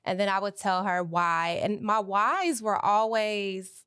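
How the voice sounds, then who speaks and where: Woman guest author, earnest and halting, mid pitch, dry recording. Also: a bit bright, clean tone, no room sound. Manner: earnest, hesitant with fillers. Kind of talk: casual interview chat.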